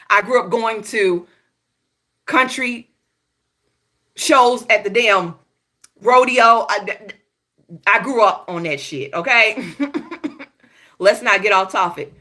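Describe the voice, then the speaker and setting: A woman's voice: mid-range voice, pushed and bright. A woman from Houston with a Southern accent, hosting a casual, profane gossip monologue, full of laughing asides and "y'all" to the viewers. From Houston, Texas. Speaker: gossip show host.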